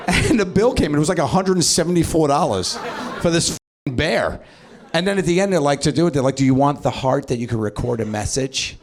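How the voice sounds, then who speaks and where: A man doing improvised stand-up, animated and swearing, often laughing and acting out voices. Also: fairly high pitch, fast. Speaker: stand-up comedian. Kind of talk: improvised stand-up crowd work. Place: comedy club stage.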